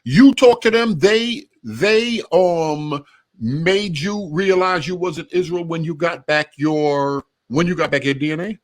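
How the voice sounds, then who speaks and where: Male moderator, high voice, keeps interjecting. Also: slow. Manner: interjecting, trying to calm things. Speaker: panel moderator. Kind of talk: heated panel discussion.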